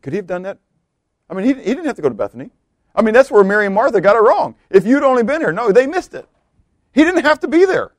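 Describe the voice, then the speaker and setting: A man preaching a sermon, swinging from loud emphatic bursts to hushed quiet lines. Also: high-pitched, sing-song, fast talker, no echo, clean studio sound.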